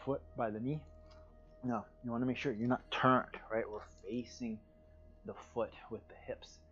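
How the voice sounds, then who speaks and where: A man teaching a guided yoga class over a livestream, with calm, soothing, drawn-out cues and sighs of relief. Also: medium pitch, dull audio.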